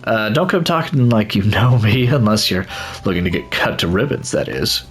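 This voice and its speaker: A man's voice: lowish voice, animated, normal speed, faint music behind, lightly acted. A man growling as a rude, threatening creature tail. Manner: snarling and threatening.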